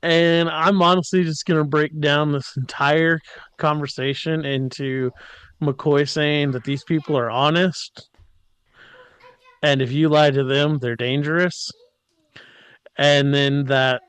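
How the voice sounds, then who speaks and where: A man's voice: medium pitch, a bit bright, smooth, dry recording. A man co-hosting a podcast, casually recapping an episode and jokingly mimicking the characters. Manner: jokey, mimics characters in quotes. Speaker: podcast co-host.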